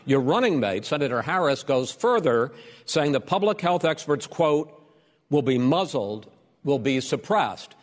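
A man's voice: fairly high pitch, very animated, unhurried. A male debate moderator, firm and precise, cutting in to redirect the candidates. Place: debate hall. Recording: long hall reverb.

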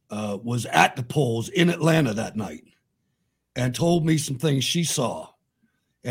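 A man's voice: mid-range voice, husky. A man on a political talk show, speaking bluntly and with scorn.

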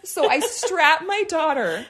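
Woman, 30s, podcast co-host, higher pitch, casual storyteller. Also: very animated, slow, a bit bright, slight background noise. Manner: chatty, laughs while telling stories. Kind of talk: casual chat.

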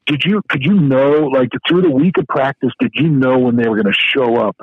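A man's voice: medium pitch, a little fast, breathy edge, dry recording. A man co-hosting a sports podcast, giving an emphatic, detailed breakdown of a game. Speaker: co-host. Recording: tinny phone-line sound.

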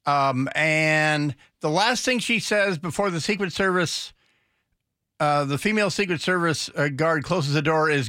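A man's voice: on the high side, measured pace, pushed and bright, no room sound. A man hosting a talk radio show, rambling commentary with sarcastic, mocking asides into a studio microphone.

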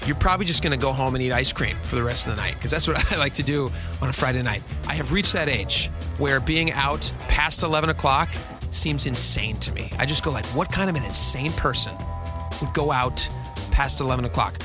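A man's voice: mid-range voice, fairly quick, over music. A man in his thirties hosting a radio talk show, chatty and upbeat with rambling asides. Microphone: studio mic.

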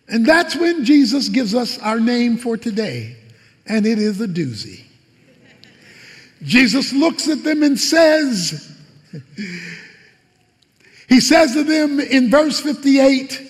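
A man's voice: very high-pitched, very animated, slow, long pauses, in a large hall. A man preaching a sermon as a pastor, retelling scenes dramatically with colloquial asides.

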